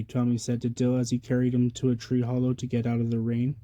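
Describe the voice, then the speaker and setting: A man's voice: mid-range voice, quick pace, few pauses, dry recording. A man reading a children's picture book aloud, lifting his voice for the baby characters' lines. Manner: lively, lifts voice for the babies' lines. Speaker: storybook reader. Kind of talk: children's story read-aloud.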